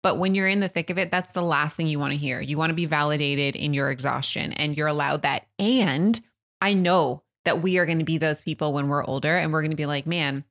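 A woman in her thirties co-hosting a casual podcast with her partner, chatty, quick to laugh and swear. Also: deep voice, a bit bright. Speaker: podcast co-host. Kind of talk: casual couple chat.

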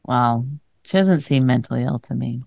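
Gravelly, sarcastic woman podcaster. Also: very deep voice, moderate pace, a little mellow, no room sound. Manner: dry, sarcastic teasing. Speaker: podcast co-host. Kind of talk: casual comedic banter.

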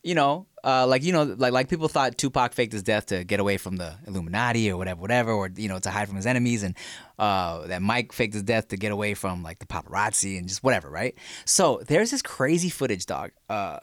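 A man co-hosting a podcast in casual chat, an animated storyteller who slips into voices. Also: fairly low pitch, fast talker, no room sound, studio quality. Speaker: podcast co-host.

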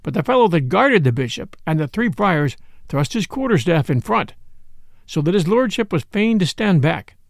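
Expressive man narrating a storybook. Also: high voice, normal speed, vocal fry, no echo, clean studio sound. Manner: old-fashioned storytelling, expressive.

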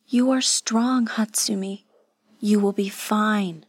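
A woman's voice: mid-range voice, fairly even intonation, takes it slowly, breathy edge, no echo, clean studio sound. A woman voicing a steadfast, caring young woman, speaking earnestly and urgently. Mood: urgent comforting.

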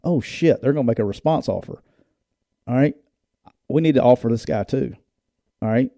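A man's voice: medium pitch, moderate pace, vocal fry, no echo, clean studio sound. A middle-aged man, a former football coach, co-hosting a casual show and telling stories, acting out the people he quotes. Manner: animated, acts out quoted voices, laughs while telling stories. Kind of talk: casual storytelling chat.

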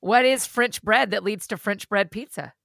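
A woman's voice: mid-range voice, normal speed, creaky, a bit bright, dry recording, studio quality. A woman co-hosting a podcast, chatting in an emphatic, playful way. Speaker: podcast co-host. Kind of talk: casual chat.

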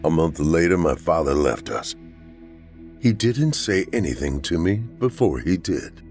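A man reading a first-person horror story in a somber, measured telling. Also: deep voice, big pitch swings, a little mellow, soft background music. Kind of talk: scripted horror narration.

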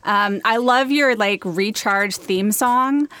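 A woman's voice: mid-range voice, bright, forceful tone, no room sound. Enthusiastic woman guest, dry close sound. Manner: enthusiastic, halting, casual. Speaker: podcast guest. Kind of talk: casual chat.

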